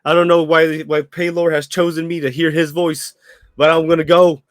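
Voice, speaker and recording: Shaky, tearful bruised man , as a narrator plays him, stuttering, pitched up. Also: flat delivery, normal speed, no echo, natural voice. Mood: shaken. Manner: stuttering, shaky, sobbing pleas.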